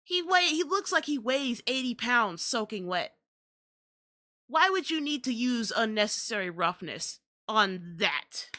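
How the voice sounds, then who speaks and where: Young woman host going off on a profane rant, kinda high bright voice, fed up. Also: sing-song, unhurried. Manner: profane, exasperated ranting. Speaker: podcast host. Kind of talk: ranting commentary.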